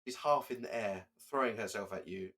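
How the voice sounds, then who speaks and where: A man with a low-pitched voice runs a tabletop game as its game master. He narrates loosely, stopping and restarting as he works out what happens. It is relaxed, unpolished table talk. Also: a little fast.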